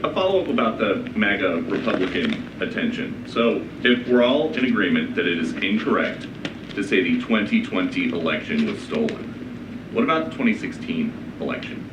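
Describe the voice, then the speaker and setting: A man's voice: low-pitched, very animated, normal speed. A man reporting from a press briefing, asking pointed, persistent questions. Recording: roomy, distant, noisy briefing room.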